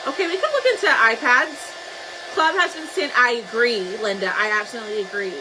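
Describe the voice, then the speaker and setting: A woman's voice: on the high side, lively intonation, a little fast, noisy background. A woman hosting a crafting live stream, chatting casually and greeting viewers by name.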